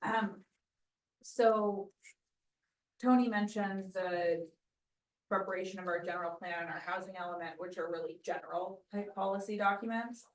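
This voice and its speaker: A woman on city staff giving a measured explanation of policy documents at a public meeting. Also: medium pitch, distant mic, slight background noise. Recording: echoey meeting room, speaker away from mic.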